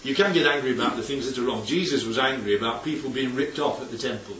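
A man's voice: medium pitch, fast talker, a bit bright, a little hiss or hum. A man preaching a conversational sermon, often throwing rhetorical questions at his listeners. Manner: chatty, asks the congregation rhetorical questions. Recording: echoey hall, distant, dull mic.

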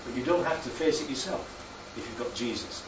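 A man's voice: mid-range voice, lively intonation, fairly quick, background noise. Northern english preacher guy, jokey and chatty, kinda muffled and roomy like a church recording. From northern England. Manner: chatty, jokey, asks the congregation questions. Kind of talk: sermon. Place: church hall. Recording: echoey church room, distant mic, dull sound.

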